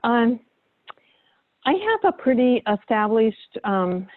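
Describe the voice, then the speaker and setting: A woman student asking her teacher a question hesitantly, with many pauses and ums. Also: on the high side, sing-song, narrow, tinny audio, slight background noise.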